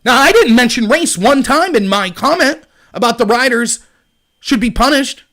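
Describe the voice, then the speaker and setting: High-voiced man ranting on a livestream. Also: moderate pace. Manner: animated, ranting, indignant. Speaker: political commentary host. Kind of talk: live-streamed political commentary.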